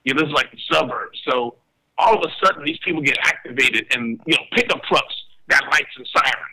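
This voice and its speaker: A man co-hosting a casual talk radio show, ranting in an animated way and mocking people in high put-on voices. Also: brisk, rough recording. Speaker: radio co-host. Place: home in a Las Vegas suburb.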